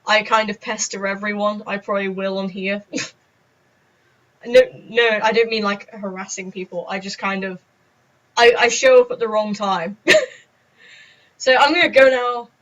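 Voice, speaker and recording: A woman's voice: medium pitch, steady tone, normal speed, long pauses, fairly bright tone. A young woman chatting in a rambling, giggly, self-mocking way on a casual story-time vlog. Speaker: vlogger. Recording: dull lo-fi recording.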